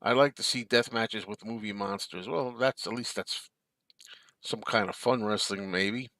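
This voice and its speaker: A man's voice: lowish voice, a little slow, bright, forceful tone, dry recording. A man hosting a live stream from his desk at home. He chats casually and reads out viewer comments, answering them in an easygoing way and chuckling often. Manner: easygoing, chuckling, talks back to chat.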